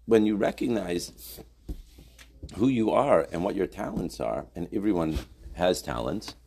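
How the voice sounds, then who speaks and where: A man's voice: low voice, expressive, unhurried, vocal fry, darkish tone, breathy edge. A middle-aged man teaching a Torah class in a conversational way, reading Hebrew source lines and explaining them in English, often adding "right?".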